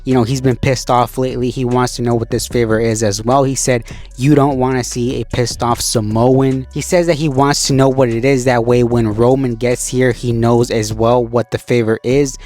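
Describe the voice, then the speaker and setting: A man recapping a show in a loose, conversational way, leaning on fillers as he goes. His voice sits at an ordinary middle pitch. Soft music plays faintly underneath. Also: flat delivery, brisk, hardly any pauses. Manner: conversational, loose, with frequent "you know" and "like". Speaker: wrestling show recap host. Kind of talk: casual spoken recap.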